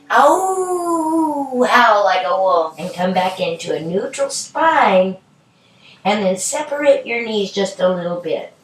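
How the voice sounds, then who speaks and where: A middle-aged woman guiding a children's yoga class in a gentle, encouraging, playful way. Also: mid-range voice. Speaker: yoga instructor. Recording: echoey room, from a distance.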